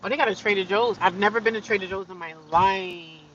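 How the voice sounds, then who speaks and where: A woman's voice: medium pitch, quick pace, distant mic, highs cut off, noisy background. A woman chatting casually on a livestream from her car, rambling and talking straight to her viewers. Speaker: livestreaming vlogger. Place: inside a parked or slowly driving car.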